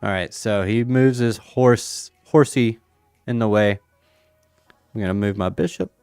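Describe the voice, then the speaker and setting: A man's voice: on the low side, unhurried, darkish tone, clean tone, no room sound, clean studio sound, soft background music. A man streaming casually, thinking aloud about crypto charts and a chess game, with playful banter. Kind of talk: casual livestream chat over charts and chess.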